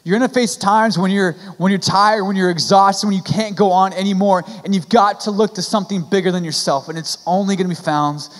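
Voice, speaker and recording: High-voiced young pastor preaching. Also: male voice, fairly even intonation, brisk, hardly any pauses. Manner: earnest, pleading, frequent restarts and "like" fillers. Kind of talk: sermon. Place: church sanctuary. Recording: church hall with long reverb.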